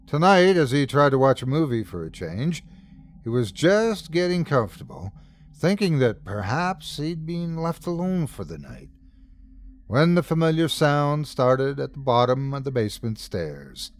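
Guy narrating a scary story podcast, slow and dramatic, voice swings up and down a lot. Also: mid-range voice. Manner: dramatic, voicing repeated thumping sounds. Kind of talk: scripted horror story narration.

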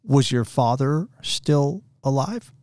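Man, podcast host, mid-pitched voice, dry sound, short direct questions. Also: expressive, takes it slowly, darkish tone, no room sound. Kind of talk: interview questions.

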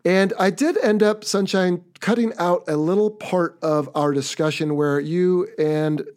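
A man's voice: high voice, steady tone, measured pace, darkish tone. An American man hosting a podcast, talking in an upbeat, chatty, slightly rambling way. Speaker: podcast host. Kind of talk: casual podcast talk.

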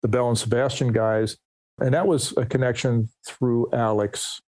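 A man's voice: mid-range voice, fairly even intonation, darkish tone, dry recording. Man in his 60s telling stories. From New Jersey, US. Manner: rambling, self-deprecating, with quick asides. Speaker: musician guest. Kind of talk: casual storytelling interview.

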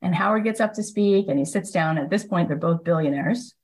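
A woman hosting a podcast, retelling an anecdote in a casual, animated way and often filling gaps with "like". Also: lowish voice, brisk, breathy edge, poor audio. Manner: animated retelling, frequent "like" fillers. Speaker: podcast host and coach. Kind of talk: casual storytelling monologue.

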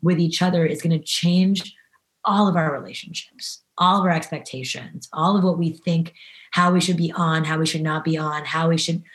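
A woman's voice: low-pitched, steady tone, normal speed. A woman being interviewed in a podcast, talking casually and earnestly, with lots of fillers and restarts. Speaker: podcast guest.

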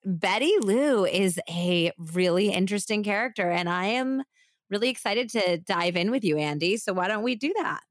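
A woman's voice: medium pitch, lively intonation, moderate pace, dry recording, studio quality. A woman co-hosting a true crime podcast, telling the story with dramatic flair and joking between segments. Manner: dramatic storytelling, playful banter.

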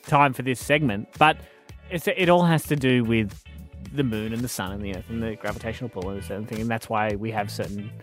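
A man's voice: on the low side, a little fast, a bit bright, soft background music. A man hosting breakfast radio, joking and rambling in casual banter. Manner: joking, rambling, laughs often. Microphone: studio microphone.

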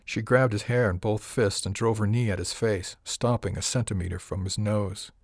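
A man reading a first-person audiobook narration in an even, wry manner, close to the mic. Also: on the low side, normal speed, no echo. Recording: dry close recording.

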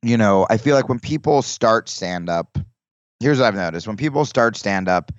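A comedian guest talking in casual podcast chat, rambling with restarts and acting out quoted lines. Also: male voice, lowish voice, lively intonation, moderate pace, dry recording, lo-fi sound.

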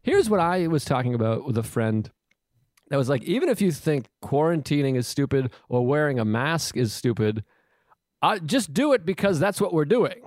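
A man's voice: fairly high pitch, sing-song, moderate pace, dry recording. Rambling, self-interrupting man, dry sound. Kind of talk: casual chat. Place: home in Queens.

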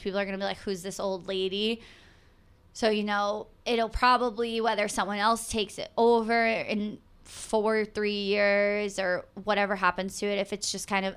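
A woman in her twenties, a podcast guest talking excitedly in a casual interview, with lots of "like" fillers. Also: medium pitch, smooth. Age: 20s. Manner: gushing, excited, heavy use of "like". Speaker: podcast guest, show host.

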